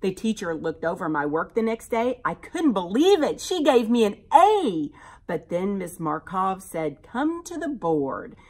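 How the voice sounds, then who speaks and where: A woman teacher reading a rhyming picture book aloud to children in an animated, expressive way. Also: medium pitch, measured pace.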